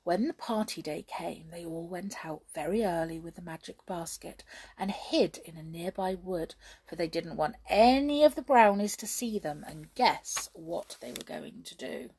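A woman reading a children's storybook aloud, slow and expressive. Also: on the low side, slightly rough.

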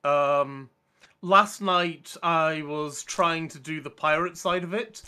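A man's voice: a little high, slow pace, pushed and bright, clear, resonant tone. A man co-hosting a casual gaming chat, telling a long, rambling, enthusiastic story with lots of restarts. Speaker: podcast co-host.

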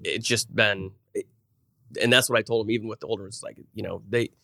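A man's voice: on the low side, fairly even intonation, a little fast, vocal fry, bright, forceful tone, no echo, studio quality. A middle-aged man, a podcast guest and business owner, telling personal stories in an earnest, rambling way with many restarts. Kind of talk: casual conversational interview.

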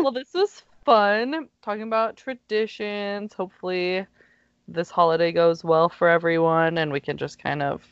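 A woman's voice: on the low side, no room sound. A woman hosting a podcast in casual chat, laughing as she wraps up the episode. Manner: laughing, relaxed wrap-up. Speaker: podcast host. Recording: dry, muffled lo-fi recording.

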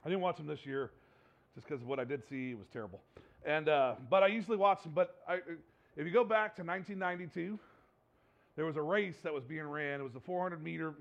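A man preaching a sermon as pastor, impassioned, swinging between hushed and loud delivery. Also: fairly high pitch, fairly quick, vocal fry, lo-fi sound.

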